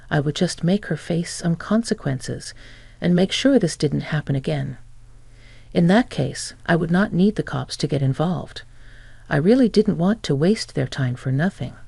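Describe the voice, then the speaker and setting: A woman narrating a scripted first-person story in an even, matter-of-fact way. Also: low voice, gravelly, slightly rough, dry recording.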